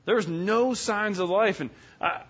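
A man preaching a sermon, telling a folksy story in an animated way and voicing its characters. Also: sits high, unhurried, breathy edge. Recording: dull lo-fi sound.

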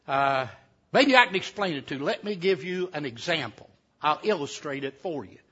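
A storyteller voicing Tom, a sly, lazy country man, speaking low, calm and smug. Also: normal speed, husky, full character voice. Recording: dull lo-fi recording.

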